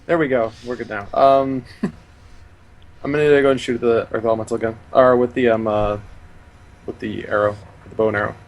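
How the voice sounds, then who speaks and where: A man's voice: medium pitch, steady tone, brisk. A man playing a tabletop game over voice chat, speaking hesitantly with many fillers. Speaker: player.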